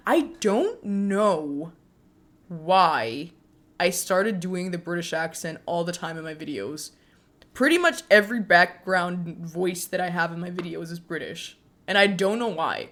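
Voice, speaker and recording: Low-pitched young woman chatting on stream. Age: 20s. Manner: chatty, frequent laughs, speaks warmly to chat. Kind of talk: casual chat with viewers.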